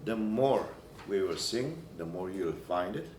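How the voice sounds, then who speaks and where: A man teaching a Byzantine chant class, explaining in halting phrases and breaking into short sung examples. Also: low-pitched, lively intonation, darkish tone, a little hiss or hum. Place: church hall or classroom. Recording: echoey room, recorded from a distance.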